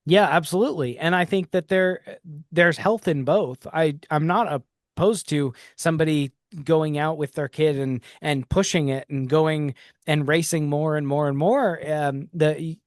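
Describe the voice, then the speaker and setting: A man's voice: fairly high pitch, a little slow, no room sound, clean studio sound. A man hosting a podcast, telling reflective stories in a casual conversation, often restarting his sentences. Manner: reflective storytelling, frequent restarts. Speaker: podcast host.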